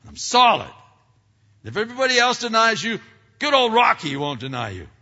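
A man voicing a boastful, eager male disciple who brags loudly and excitedly. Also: high-pitched, moderate pace, voice pushed up, full character voice. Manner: loud, excited bragging. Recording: dull recording with long hall reverb.

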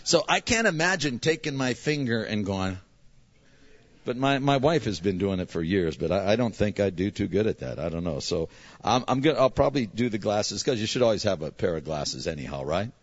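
A man's voice: lowish voice, sing-song, brisk, lo-fi sound. A middle-aged man, a pastor, telling a chatty, self-mocking story to his congregation and acting out the voices of others. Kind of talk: casual storytelling from the pulpit.

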